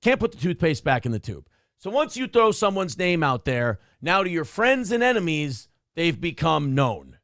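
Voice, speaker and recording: A male show host rants through his commentary, blunt and profane. His voice is gravelly and lively in pitch, slightly higher than most men's. The sound is dry and close. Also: normal speed, dry recording. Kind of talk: casual commentary on a clip.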